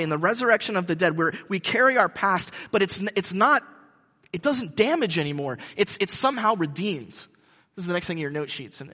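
A male pastor giving a conversational sermon, halting with frequent restarts. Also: sits high, sharp tone, in a large hall.

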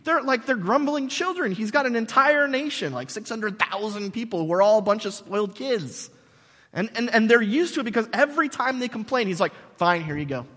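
Recorded with long reverb in a large hall, a male pastor delivers his sermon in an animated, jokey manner full of sarcastic asides. His voice is very high-pitched and runs a little fast.

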